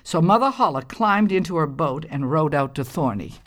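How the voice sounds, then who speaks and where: A woman's voice: low-pitched, animated, moderate pace. Woman reading a fairy tale aloud. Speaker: storyteller. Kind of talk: storybook reading.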